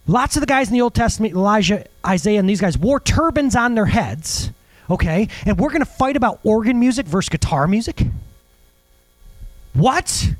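Animated high-voiced man preaching. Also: normal speed, no echo, rough recording. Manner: animated, rhetorical questions, jokey asides. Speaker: pastor. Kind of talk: sermon.

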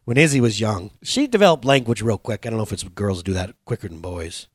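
A middle-aged man preaching a sermon, telling playful stories with loud bursts of excitement. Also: fairly low pitch, fast, no echo, clean studio sound. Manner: animated, playful storytelling with bursts of loud exclamations. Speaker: pastor.

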